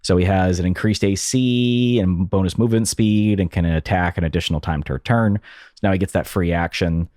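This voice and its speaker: Guy at a tabletop game counting dice out loud, lowish voice, dry mic. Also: a little fast, no echo. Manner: joking, thinks aloud over dice rolls. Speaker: player.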